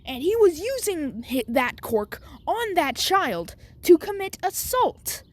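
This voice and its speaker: Woman doing a high, shouting male principal. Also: big pitch swings, slow, full character voice. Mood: lecturing. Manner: indignant, scolding, lecturing.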